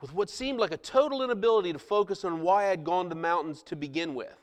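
A middle-aged male pastor telling a personal story in a sermon, animated and self-mocking. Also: high voice, fast talker. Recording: long hall reverb.

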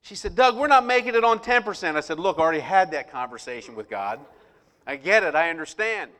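A middle-aged man preaching a sermon, telling a personal story with animated, rising emphasis. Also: fairly high pitch, fast talker. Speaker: pastor.

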